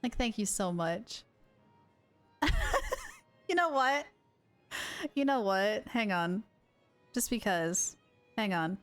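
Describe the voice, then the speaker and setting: A young woman game streamer talking to her live chat in an excitable, gushing, giggly way. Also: mid-range voice, slow pace, pauses often, soft background music.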